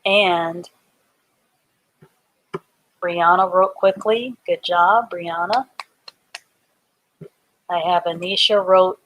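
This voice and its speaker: A woman's voice: fairly low pitch, steady tone, drawn-out words, long pauses, fairly bright tone. A woman teaching a live online reading class for adults, patiently spelling words out letter by letter and giving example sentences. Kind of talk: live online literacy lesson.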